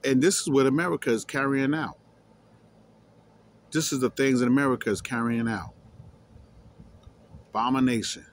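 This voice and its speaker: A man's voice: mid-range voice, fairly even intonation, normal speed, pauses often, a little hiss or hum. A man reading scripture aloud and explaining it emphatically, repeating key words and challenging his listeners. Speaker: scripture teacher.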